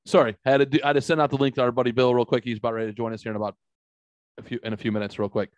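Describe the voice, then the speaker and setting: A man's voice: mid-range voice, flat delivery, racing, no room sound, lo-fi sound. A middle-aged man from the St. Louis area, hosting a podcast and telling a story in casual, profanity-filled chat. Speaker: podcast host.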